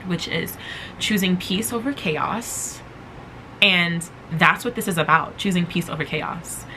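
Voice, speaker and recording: A woman's voice: fairly low pitch, pushed and bright, slight background noise, rough recording. A woman hosting a motivational podcast, talking casually and emphatically, repeating phrases to drive her point home. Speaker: podcast host.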